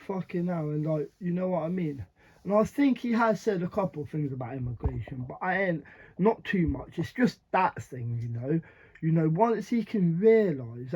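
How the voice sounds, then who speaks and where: A man's voice: on the high side, darkish tone, a little hiss or hum. A man giving blunt, slangy reaction commentary, swearing often and laughing between remarks. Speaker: reaction video host. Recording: dull lo-fi sound.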